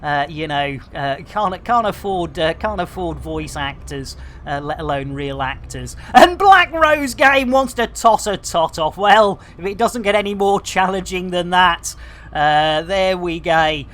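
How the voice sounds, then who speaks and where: His high voice is animated, unhurried, and fairly bright. Streaming a game live, this man keeps up a running chat full of innuendo and fake public announcements.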